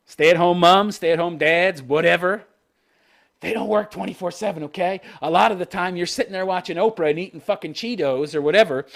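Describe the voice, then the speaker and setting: A man's voice: high voice, a bit bright. A man hosting his channel, ranting in profane, scornful commentary. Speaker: channel host.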